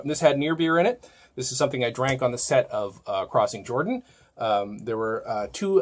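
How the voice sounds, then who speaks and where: A man's voice: mid-range voice, darkish tone. A man in his thirties talking casually to camera as a vlogger, rambling and joking, often breaking off mid-sentence. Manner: rambling, self-interrupting, joking. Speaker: vlogger and podcaster.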